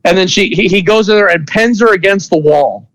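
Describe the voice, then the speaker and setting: Male game master, slightly high pitch, dry close mic, halting and rambling narration. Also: a bit bright, no room sound, low-quality recording. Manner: rambling, halting narration with many restarts and fillers.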